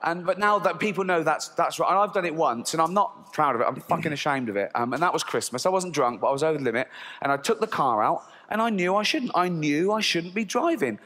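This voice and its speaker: A man doing a stand-up routine, crude and deadpan in his punchlines, often laughing at his own jokes. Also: a little high, quick pace. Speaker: stand-up comedian. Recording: long reverb of a large hall.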